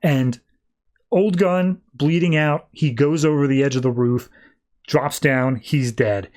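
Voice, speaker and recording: A man hosting a podcast, recapping a comic book casually and rambling with many "like"s while he acts out quotes in quick voices. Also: fairly high pitch, darkish tone. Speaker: podcast host.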